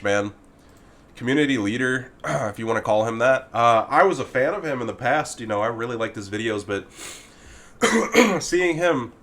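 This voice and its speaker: A man's voice: on the low side, a bit bright. A man ranting in a video about a game's forum moderator, heated and exasperated, swearing often and addressing the moderator directly. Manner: talks directly to the person he criticizes. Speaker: gaming commentator.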